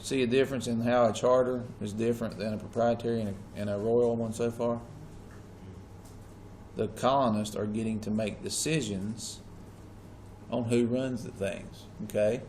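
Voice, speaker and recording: A man lectures a classroom in an easygoing, conversational way. He keeps pausing to check whether his students are keeping up. A faint hiss sits under his voice. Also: medium pitch, fairly even intonation, a little mellow. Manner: checks in often with students, casual Southern-style phrasing. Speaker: teacher.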